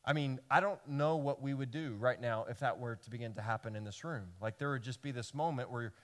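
A man preaching a sermon to his congregation as pastor, telling the stories in a lively way that swings from loud emphasis to hushed lines. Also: medium pitch, brisk. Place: church service before a congregation.

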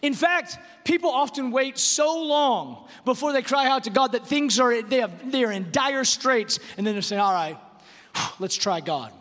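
A pastor preaching a sermon, emphatic and repeating words, slowing down to stress key phrases. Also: male voice, extremely high pitch, fairly bright tone. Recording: long reverb of a large hall.

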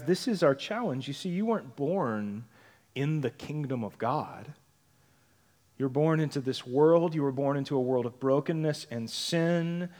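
A male pastor delivers a sermon in a relaxed, conversational way, often tossing "right?" back to the congregation. His voice sits a little high for a man. The sanctuary adds a long, ringing reverb to everything he says. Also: a little slow. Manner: conversational preaching, frequent tag questions. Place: church sanctuary.

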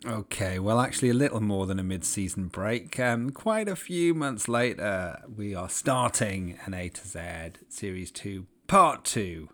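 A man's voice: lowish voice, expressive, a little slow, hardly any pauses, a bit bright. A man co-hosting a casual podcast chat, with a wry, understated teasing manner. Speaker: podcast co-host.

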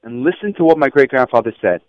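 A man teaching schoolchildren through stories, lively and acting out the voices of people in them. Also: fast talker, no room sound. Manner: animated, acts out quoted voices with raised pitch. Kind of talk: storytelling lesson. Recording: dull lo-fi, dry.

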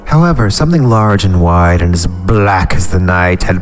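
A man's voice: low-pitched, moderate pace, hardly any pauses, faint music behind. A male podcast host reading a horror story aloud, breaking off into rambling, irreverent comic asides.

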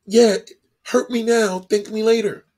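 A man's voice: sits high, steady tone, measured pace, a little mellow. A man delivering a heated, profane opinion monologue with emphatic, ranting delivery. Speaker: commentator.

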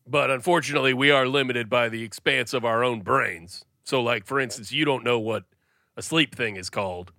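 A man co-hosting a comedy podcast, picking apart a detail with earnest, pedantic explanations. His mid-pitched voice is bright and forceful, recorded dry and close with no room sound. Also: normal speed, no echo. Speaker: podcast co-host. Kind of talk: casual comic chat.

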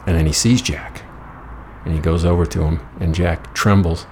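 A man's voice: low voice, fairly even intonation, moderate pace, darkish tone, slight background noise. A man narrating a crude, profane comic fairy tale with a rambling delivery. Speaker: storyteller.

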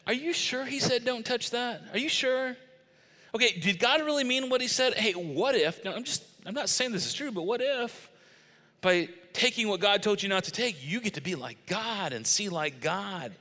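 A man's voice: high-pitched, lively intonation, normal speed, pushed and bright, pitched above the performer's own voice. A man voicing a crafty tempter who slyly coaxes with questions. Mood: coaxing. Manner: sly, coaxing questions. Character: crafty male serpent-tempter, sly and coaxing. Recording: long reverb of a large hall.

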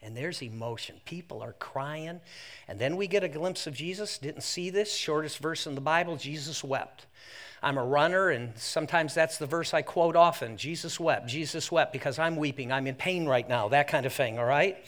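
High bright-voiced pastor guy preaching, super animated, does little voices and cracks jokes. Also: normal speed. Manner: animated storyteller, acts out voices, jokes with the congregation. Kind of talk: sermon. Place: church service held in an athletic center.

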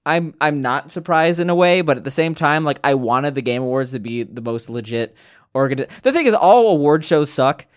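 A young man co-hosting a casual gaming podcast, talking in an animated, rambling way with many restarts and fillers. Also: on the high side, normal speed. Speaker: podcast co-host. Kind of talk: casual chat.

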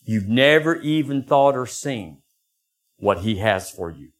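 Older man, pastor preaching, mid-pitched voice, pitch leaping up for quoted lines. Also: unhurried. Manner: animated, acts out voices with sudden high pitch jumps. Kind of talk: sermon.

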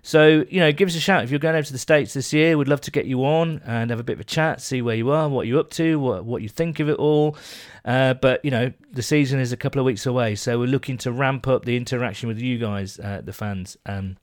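A man's voice: mid-range voice, fairly quick, hardly any pauses. A man co-hosting a podcast, chatting and joking in casual banter. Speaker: podcast co-host.

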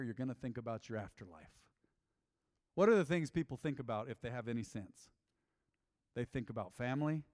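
A man's voice: on the high side, a little mellow, big-room sound. A man preaching a sermon as a pastor, emphatic and full of rhetorical questions.

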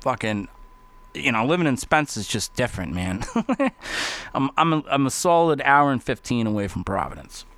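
A man talking casually as a podcast host, rambling and swearing constantly, getting excitable. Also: medium pitch, normal speed. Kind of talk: casual profane monologue.

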